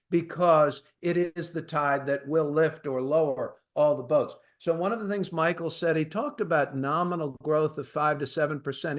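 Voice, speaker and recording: A man with a fairly high-pitched voice hosts a markets podcast. He explains economic ideas in plain, folksy terms and often turns to address his listeners directly. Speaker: podcast host. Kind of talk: conversational market commentary.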